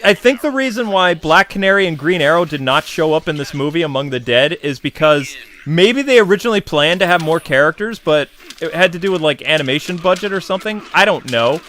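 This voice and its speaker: A man reviews a film in a casual, slangy manner. His slightly high voice sounds bright and forceful, and he frequently becomes animated and exasperated.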